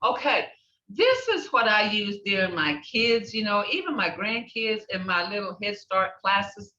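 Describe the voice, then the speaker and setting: An older woman teaching a language class, repeating words slowly and checking in with "okay?". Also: mid-range voice, expressive, bright, forceful tone, a little hiss or hum. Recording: echoey, distant, dull room recording.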